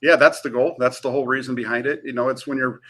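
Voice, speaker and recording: Male sports reporter co-host, rapid and eager, bright forceful tone. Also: mid-range voice. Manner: eager and energetic, frequent fillers. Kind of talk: casual sports talk.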